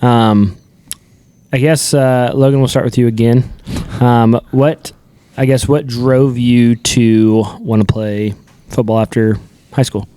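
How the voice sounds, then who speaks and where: A man hosting a casual podcast interview, easygoing, laughing often and asking quick follow-up questions. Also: medium pitch, fairly even intonation, mellow, smooth. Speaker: podcast host.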